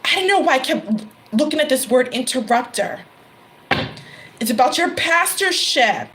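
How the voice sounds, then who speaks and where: A woman's voice: high voice, expressive, normal speed, a bit bright, a little hiss or hum, rough recording. Emphatic woman giving a tarot reading. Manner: emphatic, repeats phrases, exclaims. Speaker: tarot reader.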